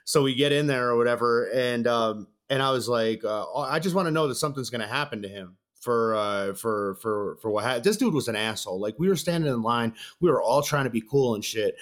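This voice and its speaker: A man's voice: medium pitch, a little fast, few pauses. A young man in casual chat, telling a story with lots of slang and acting out each side of it. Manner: animated, acts out both sides of the story with slang.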